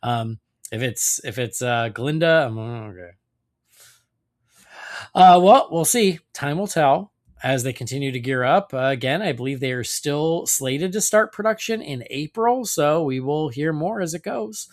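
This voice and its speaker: Male podcast host, higher-pitched, loose chatty delivery full of "uh" and "um". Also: lively intonation, unhurried. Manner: chatty, hedging with many fillers. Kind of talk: casual podcast chat.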